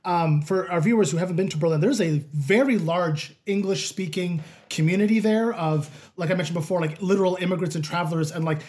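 A man from Canada, hosting a podcast and telling stories in a rambling, animated way with plenty of fillers. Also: high-pitched, a little fast, few pauses. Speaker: podcast host. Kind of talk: casual chat.

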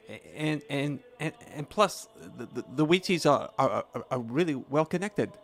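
Dude doing a stuttery nervous little gnome groom, kinda high voice, words tumbling over each other. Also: male voice, expressive, moderate pace, fairly bright tone. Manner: heavy stammer, repeats words.

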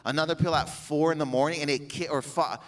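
A man's voice: fairly high pitch, fairly even intonation, fast talker. A young man telling a long comedic story on stage, rambling, swearing and laughing often.

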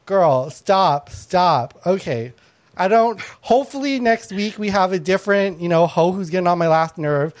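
A woman's voice: on the low side, moderate pace, darkish tone. A woman hosting a comedy panel chat, blunt and antagonistic, who laughs often between her lines. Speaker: panel show host.

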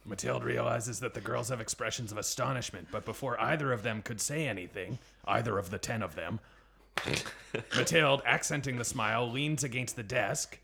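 A man co-hosting a comedy podcast, reading stage directions aloud with wry asides. His voice is gravelly and bright, and he laughs often. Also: medium pitch, normal speed, slight background noise.

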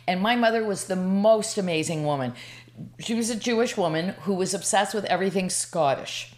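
A woman's voice: mid-range voice, fairly quick. Rambling woman in her sixties. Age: 60s. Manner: rambling, emotional, lots of restarts. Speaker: podcast guest. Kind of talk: personal storytelling in conversation.

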